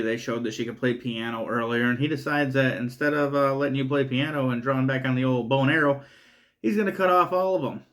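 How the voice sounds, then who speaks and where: A man's voice: medium pitch, a bit bright. Profane, laughing male movie reviewer. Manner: profane, laughing, rambling recap. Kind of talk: casual spoken film review.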